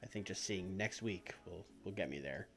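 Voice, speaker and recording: A low-voiced man streams a game at a moderate pace, talking casually and offhand, thinking aloud and swearing now and then. Faint music plays in the background.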